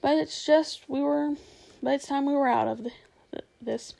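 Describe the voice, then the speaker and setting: A woman's voice: high-pitched, normal speed, gravelly, mellow, pitched above the performer's own voice. A woman voicing a fretful, agreeable male beaver who fumbles his words, in a storybook reading.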